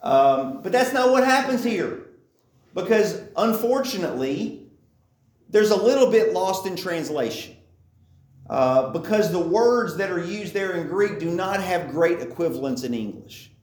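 A man's voice: high voice, lively intonation, unhurried, a little mellow. A man giving a conversational Bible teaching, often checking in with his listeners. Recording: echoey room.

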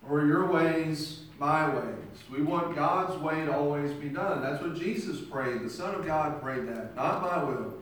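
A man's voice: on the high side, a little slow, few pauses, a bit bright, slight background noise. A man preaching a sermon and telling illustrations, acting out the voices of the people in his stories. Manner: storytelling, acts out quoted voices. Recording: very echoey room from far off.

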